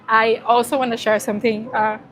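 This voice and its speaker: A woman hosting a casual livestream who talks warmly to her viewers and gets teary, cooing now and then to a dog beside her. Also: a little high, little pitch movement, brisk, slight background noise. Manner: chatty and emotional, thanking viewers, cooing to a dog. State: teary, crying. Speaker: livestream host promoting dog rescue.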